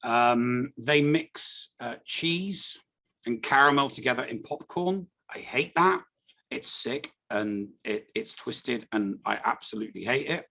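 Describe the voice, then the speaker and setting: English male co-host, gravelly, dry and blunt, casual banter. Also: mid-range voice, expressive, measured pace, bright, forceful tone. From England. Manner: blunt, dry, wry complaints. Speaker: podcast co-host. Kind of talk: casual chat.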